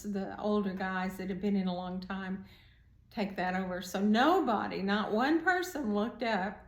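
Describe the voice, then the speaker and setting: A middle-aged woman telling a personal story as a prison art teacher, animated, raising her voice when she acts out what people said. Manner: animated, acts out quotes with raised pitch. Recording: echoey room.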